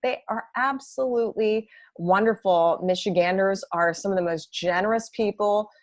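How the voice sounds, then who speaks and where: A woman's voice: medium pitch, normal speed, no echo. A woman talking enthusiastically as a guest in a casual interview.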